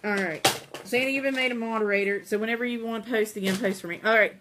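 Stuffy-voiced woman, slightly high pitch, running a live sale and chatting to viewers by name, with light noise behind. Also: steady tone, quick pace. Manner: chatty, talks to viewers by name while multitasking. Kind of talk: casual live stream sales chat.

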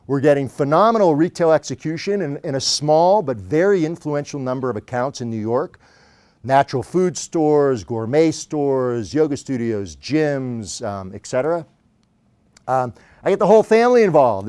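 Animated male founder telling his story. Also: mid-range voice, dry recording. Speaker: company founder, guest speaker. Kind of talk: storytelling business talk to a university audience.

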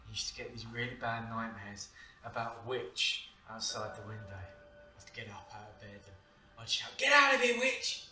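A man's voice: lowish voice, little pitch movement, moderate pace, bright, forceful tone. A man playing a pleading, tender older brother. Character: young man pleading with his frightened brother. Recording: echoey room from a distance, music under.

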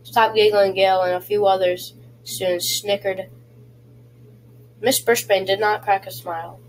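Woman reading a children's book, halting. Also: mid-range voice, steady tone, slight background noise, poor audio. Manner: halting, with frequent slips and restarts. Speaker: reader.

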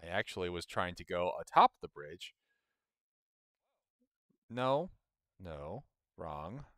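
Bright, crisp-voiced man streaming. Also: low voice, sing-song, slow pace, no echo, clean studio sound. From United States. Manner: grumbling at the game, self-mocking, laughs often. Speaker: game streamer. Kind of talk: casual gameplay commentary.

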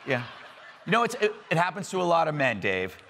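Sarcastic male TV host, lively bright delivery, studio reverb. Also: fairly high pitch, brisk, creaky, crowd noise. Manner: sarcastic, deadpan jokes. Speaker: talk show host. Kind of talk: comic monologue and panel banter. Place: television studio.

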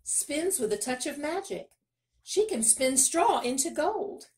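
A woman's voice: sits high, very animated, a little mellow, pitched above the performer's own voice, exaggerated voice. Woman voicing a blustering, nervous fat miller. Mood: nervous wheedling. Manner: eager, fast-talking, flustered.

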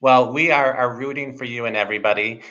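A man hosting a live interview show, with a bright, forceful voice and an effusive, upbeat manner. His audio comes through muffled and lo-fi, as though over a modest stream connection. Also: mid-range voice, fast. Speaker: host.

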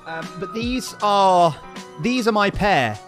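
A young man chatting on a live stream, excitable and hyped, often repeating himself. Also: sits high, slow pace, faint music behind. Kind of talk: casual live-stream chat.

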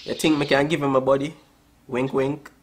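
Joking and flirting with strangers on a video chat app, this Jamaican vlog host slips into patois and says "bro" constantly. He speaks at a moderate pace in a level, medium-pitched voice, with slight background noise.

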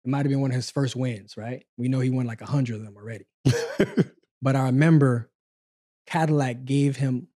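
A man in his forties, a guest on an interview show, telling stories from his past in a relaxed, conversational way. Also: medium pitch, moderate pace. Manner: relaxed, conversational, acts out quoted dialogue. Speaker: interview guest, former sprinter. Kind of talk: casual storytelling interview.

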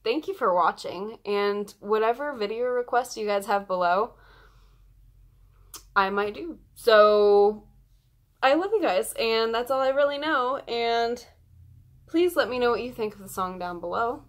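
A woman's voice: fairly high pitch, unhurried. Gushing young woman vlogger. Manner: gushing, excited fan talk with many "like"s. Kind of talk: casual vlog chat.

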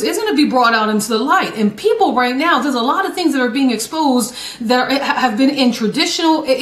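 A woman evangelist preaching a fervent broadcast sermon, repeating phrases, restarting words and rising to shouts. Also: high-pitched, echoey room.

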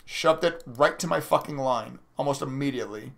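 A young man with a medium-pitched, creaky, fairly bright voice talks at a moderate pace while live-streaming his day trading. Chatting casually with his viewers, he reads their messages and swears in frustration.

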